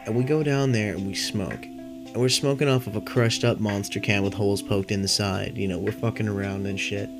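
A man's voice: fairly low pitch, fairly even intonation, fairly quick. Stoned young man rambling over guitar music. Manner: rambling and laid-back, heavy swearing. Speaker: podcast host. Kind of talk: casual storytelling monologue. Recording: clear music playing behind.

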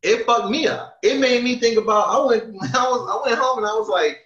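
A man chatting casually, retelling a story with animated quoting and plenty of swearing. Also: extremely high pitch, moderate pace. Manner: animated storytelling, retells quotes with lots of profanity. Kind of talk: casual chat. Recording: echoey room, dull lo-fi sound.

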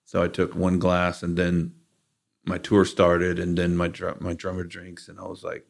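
A middle-aged man with a low, gravelly voice tells his story candidly as a studio guest. His delivery is casual and conversational, and it grows animated when he voices his own past thoughts. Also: moderate pace. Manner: candid, animated in quoted asides. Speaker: guest, rock guitarist.

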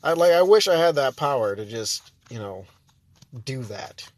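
A man's voice: mid-range voice, animated, normal speed, a little mellow. A man ranting in a casual monologue, exasperated and rambling, with many fillers and restarts. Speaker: vlogger.

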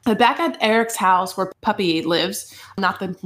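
A woman retells a TV episode in lively podcast chat, piling on asides and "like" as she goes. Her voice sits at an ordinary middle pitch for a woman. She sounds relaxed and conversational throughout. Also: measured pace. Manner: animated storyteller, lots of "like" and asides. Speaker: podcast co-host. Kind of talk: casual TV recap chat.

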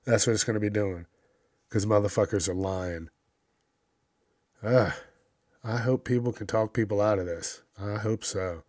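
A man delivers casual news commentary as a running rant, sarcastic and full of profanity. His voice sits slightly low. The recording is dry, with no room sound. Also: a little slow, pauses often, a little mellow, no echo. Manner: ranting, sarcastic, swears constantly.

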